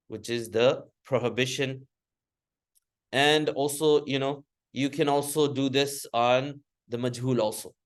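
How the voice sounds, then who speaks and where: A man teaching a grammar lesson in a classroom lecture style. He speaks patiently, restating his points often, with frequent fillers and restarts. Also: mid-range voice. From United States. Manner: patient, repeats and reformulates points with many fillers.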